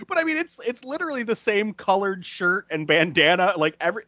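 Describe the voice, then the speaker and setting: A man's voice: high-pitched, big pitch swings, fairly quick, pushed and bright, no echo. A man co-hosting a podcast, recapping a film in casual chat and laughing often as he acts out lines. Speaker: podcast co-host. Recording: dry, dull lo-fi audio.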